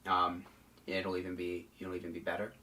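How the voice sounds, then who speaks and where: A man's voice: low voice, completely flat delivery, normal speed, pushed and bright, recorded from a distance. A man casually reviewing a haunted attraction, rambling with many ums and restarts.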